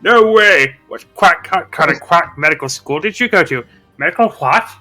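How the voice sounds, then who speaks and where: A man's voice: fairly high pitch, animated, normal speed, sharp tone, soft background music, pitched above the performer's own voice. A man playing a frantic, hammy patient's messenger. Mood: mock panic.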